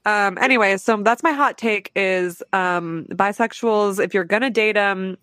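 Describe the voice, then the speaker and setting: A woman's voice: medium pitch, measured pace, fairly bright tone, no echo, clean studio sound. A woman co-hosting a casual podcast, laughing often and slipping into a put-on Southern drawl. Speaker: podcast co-host.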